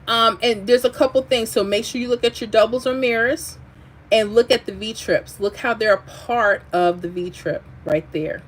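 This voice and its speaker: A woman hosting a lottery livestream, chatting casually, reading viewer comments aloud and drifting into animated asides. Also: a little high, moderate pace.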